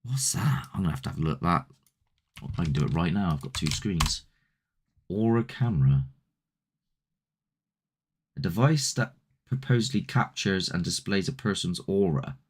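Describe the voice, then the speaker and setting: Man, low pitch, casual chatty streaming host. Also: animated, moderate pace, pauses often, slightly rough. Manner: rambling, chatty, answers viewer comments. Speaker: host of a paranormal channel. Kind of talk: casual live-stream chat.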